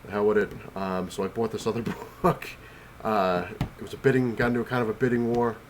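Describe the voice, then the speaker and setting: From the couch at home, a sick, breathless comic collector rambles about comics in a casual vlog. His lowish voice moves a little fast, with slight background noise, and his talk is full of fillers and restarts.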